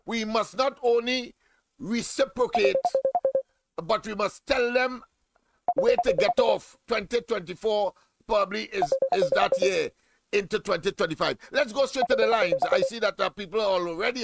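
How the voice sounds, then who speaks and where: A man's voice: sits high, moderate pace, creaky. A man hosting a political radio talk show, speaking emphatically with many fillers and repeated phrases. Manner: emphatic, repetitive, heavy fillers.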